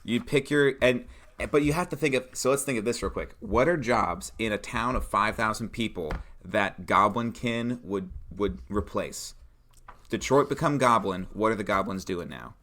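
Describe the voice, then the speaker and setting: Hyped guy brainstorming game ideas, bright tense voice, lowish. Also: normal speed. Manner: excitable, brainstorming. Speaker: podcast co-host. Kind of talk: casual chat about tabletop game prep.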